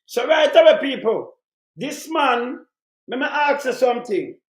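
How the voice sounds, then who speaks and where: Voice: high voice, big pitch swings, unhurried. A commentator with a Jamaican accent, ranting fiercely and repeating points in patois. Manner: fiery, repetitive, rants in Jamaican patois. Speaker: political commentator. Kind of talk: heated commentary monologue. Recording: roomy echo.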